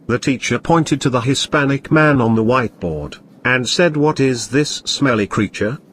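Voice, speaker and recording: A man narrating a scripted comedy story in a flat, matter-of-fact way. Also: medium pitch, normal speed, a little hiss or hum.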